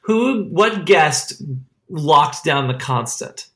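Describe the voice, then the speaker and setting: Podcast co-host, casual chat, rambling, excitable, restarts a lot. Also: medium pitch, drawn-out words, faint music behind.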